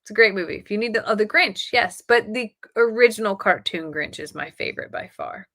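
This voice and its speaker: A middle-aged woman hosting a casual live stream, chatting excitedly with her viewers. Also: mid-range voice, fairly quick.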